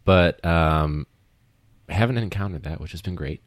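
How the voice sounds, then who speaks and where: A young man hosting a casual podcast, rambling with lots of fillers and quick laughs. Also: deep voice, dry recording. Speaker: podcast host, teacher.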